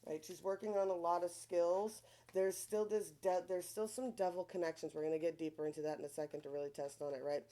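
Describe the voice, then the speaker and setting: A woman with a fairly low voice and a Long Island accent talks through a tarot spread. She speaks in a loose, chatty way, swears freely and keeps checking in with "right?" after her points. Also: steady tone, brisk, hardly any pauses, warm tone. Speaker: tarot reader. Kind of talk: casual tarot reading.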